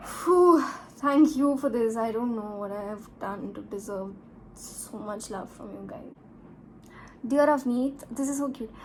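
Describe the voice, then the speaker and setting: Soft, gushing young woman. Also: fairly high pitch, a little slow, a little hiss or hum. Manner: gushing, sentimental, softly emotional. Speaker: vlogger reacting to fan edits. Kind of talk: casual reaction vlog.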